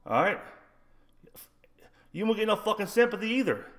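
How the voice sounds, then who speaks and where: A man's voice: a little high, sing-song, moderate pace, long pauses, a bit bright. A retired man telling a rambling, profane story on his own livestream in a blunt, combative way. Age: older. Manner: blunt, rambling, heavy swearing. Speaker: livestream host.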